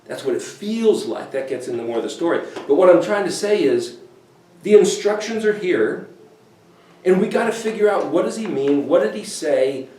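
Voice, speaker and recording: A man giving an informal, animated scripture teaching, acting out quoted voices as he goes. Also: sits high, normal speed. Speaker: bible teacher. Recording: echoey room, voice from a distance.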